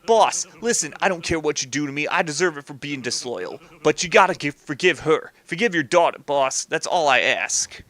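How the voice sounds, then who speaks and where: A man's voice: on the high side, animated, normal speed, few pauses, fairly bright tone. A man voicing an earnest, repentant young henchman who pleads with his boss. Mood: pleading.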